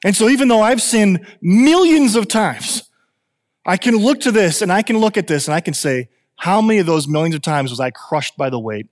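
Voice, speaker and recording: A man in his thirties gives a lively, conversational sermon, circling back and repeating phrases as he builds his point. His voice sits a little high for a man. The long reverb of a church hall trails after his words. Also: moderate pace. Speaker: pastor.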